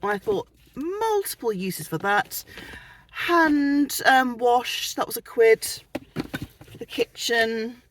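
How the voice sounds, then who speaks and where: A British woman chatting casually through a shopping haul, self-mocking and quick with giggly asides, recorded in a parked car. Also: a little high, animated, a little hiss or hum. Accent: British English. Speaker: vlogger.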